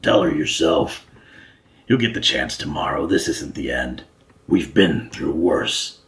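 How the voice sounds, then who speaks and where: A man's voice: extremely low pitch, animated, a little slow, fairly bright tone, pitched below the performer's own voice, exaggerated voice. A man voicing a growly, defiant werewolf count in a tabletop game.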